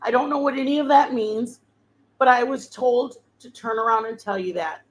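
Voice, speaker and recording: A woman's voice: a little high, normal speed, close to an everyday voice, rough recording. A woman voicing an earnest, unchurched stranger who insists on passing on a message, in a slightly raised voice.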